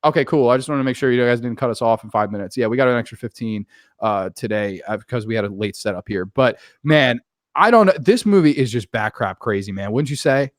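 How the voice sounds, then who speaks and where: A man co-hosting a casual movie review chat, animated, laughing often and acting out scenes in voices. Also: medium pitch, fast talker, no echo, studio quality. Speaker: podcast co-host.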